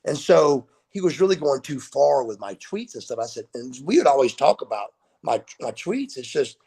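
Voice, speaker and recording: A gravelly man in his fifties talks as a guest over a video call. His husky voice spins animated stories, and he swears freely. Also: medium pitch, moderate pace. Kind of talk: casual storytelling interview.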